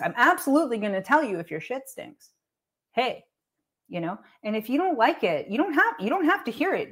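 Woman commentator, mid-range voice, casual rant, sarcastic and blunt, drops profanity. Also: mid-range voice. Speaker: online commentator.

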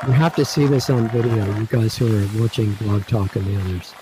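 A man's voice: lowish voice, a little fast, a crowd in the background, noisy background. A man hosting an online talk show, casually retelling a film scene and acting out what the characters think. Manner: animated, acts out characters' thoughts.

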